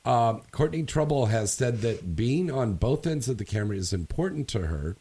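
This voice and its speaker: Male host, lowish voice, loose rambling read full of ums and uhs. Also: warm tone, husky. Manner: loose, rambling delivery with frequent fillers. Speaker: radio show host. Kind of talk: casual industry news chat.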